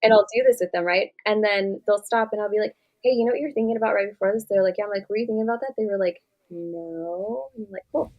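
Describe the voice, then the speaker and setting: A woman's voice: mid-range voice, steady tone, very fast, hardly any pauses, muffled recording. A young woman therapist speaking casually in an interview, animatedly acting out conversations with her clients. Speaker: therapist guest.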